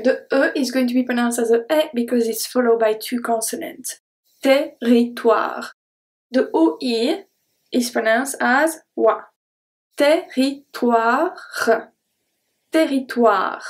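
A woman teaching pronunciation, saying each word slowly and repeating it before she explains its sounds. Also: on the high side, darkish tone. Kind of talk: slow word-by-word pronunciation lesson.

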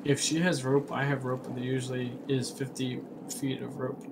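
A man's voice: medium pitch, level tone, moderate pace, gravelly, background noise. A man playing a tabletop game, talking hesitantly with frequent ums. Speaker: player. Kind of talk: casual tabletop game play.

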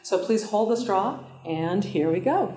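A woman's voice: medium pitch, animated, a little slow, mellow. A woman voice coach leading a live workshop, upbeat and encouraging as she instructs the group. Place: large room with a live audience. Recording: echoey room with crowd. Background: audience voices.

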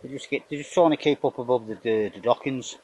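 A man's voice: mid-range voice, fast talker, darkish tone, slightly rough, rough recording. An older man giving a rambling, casual commentary outdoors in his garden, swearing in nearly every sentence. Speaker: vlogger narrating home renovation.

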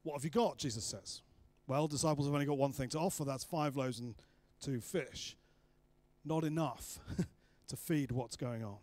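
A man preaching a sermon, telling the story with lively acted-out voices of the people in it. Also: mid-range voice, moderate pace, no room sound. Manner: animated storytelling, acting out voices of the disciples.

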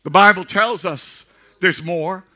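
Older male pastor, high voice, preaching that climbs to shouts. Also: slow, some chatter behind. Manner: builds from quiet storytelling to shouted calls for response. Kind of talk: sermon.

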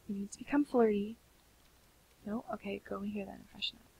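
A young woman giving sleepy, chatty commentary on a life-sim game, often slipping into soft half-whispers. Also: medium pitch, steady tone, fairly quick, creaky, a little hiss or hum, rough recording. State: sleepy, keeps yawning. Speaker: gaming channel host. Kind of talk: casual gameplay commentary.

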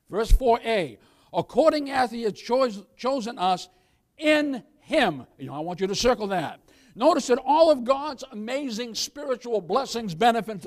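High-voiced man preaching a sermon. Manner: folksy preaching, questions to the congregation. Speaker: pastor. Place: church.

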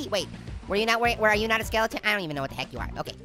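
A goofy, wisecracking talking orange, firing off puns and cackles in game commentary. Its voice is high and bright, and it swoops wildly up and down. Faint game music runs underneath. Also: male voice, huge pitch swings, racing, exaggerated voice. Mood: playful. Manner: cackling, pun-making, jokey. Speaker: let's play host. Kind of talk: let's play commentary.

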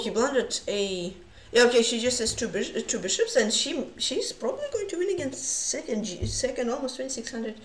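A woman streamer casually commenting on chess games, excitable and full of gasps and exclamations. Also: a little high, echoey room, slight background noise.

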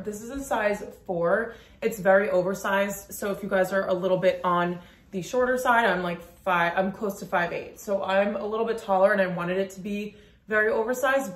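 A woman vlogger chatting casually through her outfits on a lunch break, talking quickly with a lot of "like" fillers. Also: lowish voice. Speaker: fashion vlogger. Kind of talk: casual outfit walkthrough to camera. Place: room at home during a work lunch break. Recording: roomy echo.

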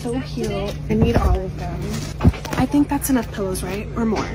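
A woman's voice: mid-range voice, normal speed, music in the background. A woman doing comedic skits in a brassy, sassy manner, switching between characters. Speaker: comedy creator.

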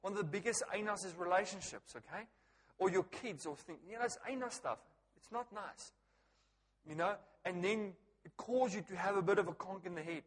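A man preaching a sermon to a congregation, animated and joking, often laughing and asking the people questions. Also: sits high, a little fast. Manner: animated, joking, laughs at his own stories; talks directly to the congregation with frequent questions. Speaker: pastor. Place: church hall. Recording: long reverb of a church hall.

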